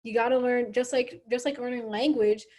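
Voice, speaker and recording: A woman's voice: a little high, fairly even intonation, normal speed, darkish tone. A young woman hosting a casual chat over a video call, upbeat and chatty, leaning on "like" and "you know". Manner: chatty and upbeat, heavy use of "like".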